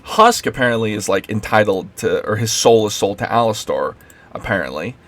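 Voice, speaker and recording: A man's voice: on the low side, lively intonation, normal speed, a bit bright. A man giving an unscripted late-night rant as a video creator, rambling with many fillers and restarts.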